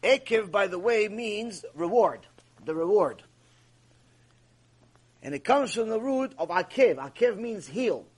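A man teaching a Torah class, telling stories in an animated way and acting out the people in them. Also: high voice, a little slow, long pauses, husky. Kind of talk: Torah lecture with storytelling.

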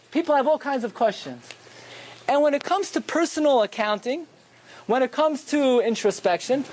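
A man giving a Torah lecture, telling stories with animated rhetorical questions. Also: very high voice, moderate pace. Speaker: Torah teacher.

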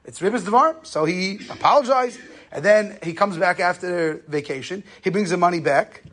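A man's voice: high voice, normal speed, a bit bright. A man giving a conversational Torah lesson on Jewish law, telling stories and using Yiddish and Hebrew terms. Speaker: rabbi lecturer.

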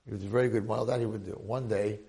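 A man's voice: lowish voice, rapid-fire. A man teaching a Torah class, telling a story animatedly and addressing his listeners. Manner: animated storyteller, talks to audience.

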